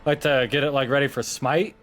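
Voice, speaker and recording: A man acting as dungeon master, running a tabletop game in a casual, quick way. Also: mid-range voice, steady tone, fairly bright tone, faint music behind.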